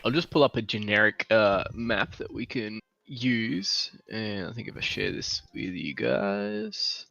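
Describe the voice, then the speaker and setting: A young man explaining game software as game master, patient and a bit hesitant. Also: lowish voice, very animated, measured pace, vocal fry, few pauses, no room sound. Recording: slightly dull, faint music.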